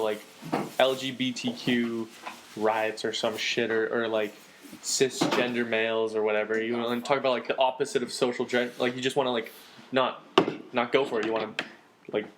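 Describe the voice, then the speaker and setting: Young male podcast co-host, animated and loose, with a noisy recording. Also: mid-range voice. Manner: animated, swearing, quick storytelling. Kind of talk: casual chat.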